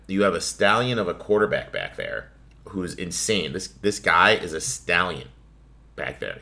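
A man's voice: extremely low pitch, fairly bright tone. A man hosting his own sports betting podcast, talking casually and ranting with plenty of swearing. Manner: profane, ranting, offhand. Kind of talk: casual solo podcast monologue.

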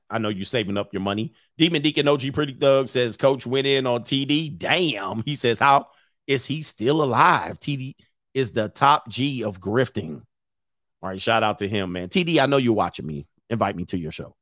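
A man hosting a casual livestream as a dating coach, joking and animated and acting out scenes. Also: mid-range voice, no room sound, studio quality. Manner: animated, joking, acts out scenes in different voices. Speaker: dating coach and channel host.

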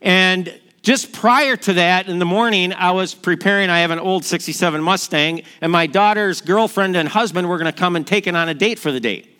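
A middle-aged man preaching a sermon in a lively, story-telling way, acting out the quotes in his stories. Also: high voice, normal speed, few pauses, clear, resonant tone. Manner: storytelling, energetic, acts out quotes. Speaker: pastor.

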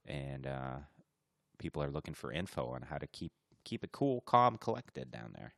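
A man's voice: a bass voice, very animated, moderate pace, creaky, no echo, clean studio sound. A man co-hosting a podcast in casual chat, chatty and joking. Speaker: podcast co-host.

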